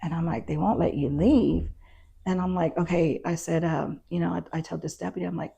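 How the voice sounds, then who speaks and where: A woman's voice: on the low side, brisk, vocal fry, warm tone, slightly rough. A middle-aged woman and former constable, a guest in an interview, telling her story casually and acting out what others said. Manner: conversational, retells events with quoted dialogue.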